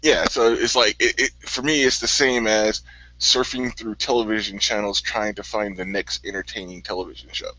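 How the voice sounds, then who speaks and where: A man's voice: fairly low pitch, steady tone, moderate pace, sharp tone, dry recording. An easygoing man from the American Midwest in casual chat, laughing often and repeating words as he starts a thought. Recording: dry, dull lo-fi audio.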